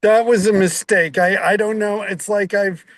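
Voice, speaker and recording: Man, host, high voice, dry close sound, rambling chat on a video call. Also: fairly even intonation, normal speed, dry recording. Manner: rambling, laughing, restarts sentences. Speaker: organizer and host of a reading group. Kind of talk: casual wrap-up chat.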